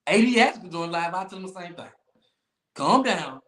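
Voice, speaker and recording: Man, sports podcast host, high lively voice, emphatic rant, echoey room. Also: moderate pace. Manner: loud, emphatic trash-talk with repeated phrases and laughs. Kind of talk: animated sports talk livestream.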